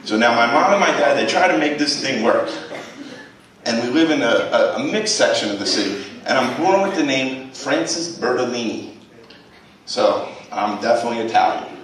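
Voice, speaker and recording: A man's voice: mid-range voice, animated, normal speed, a bit bright, distant mic. A man in his thirties speaks from a stage in a big college theater. He tells his story bluntly, with plenty of swearing and conversational asides to the audience. His voice rings with heavy reverb, sounds set well back from the mic, and has a faint hiss under it. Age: 30s. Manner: blunt, profane, conversational, keeps checking in with "right?". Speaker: guest speaker. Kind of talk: storytelling talk to a live audience. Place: large college theater, in front of a full house.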